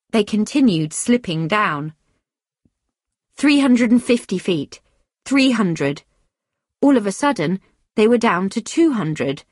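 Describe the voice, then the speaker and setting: A woman reading a story aloud in a steady, clear storytelling manner. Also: mid-range voice, no echo, clean studio sound. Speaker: narrator.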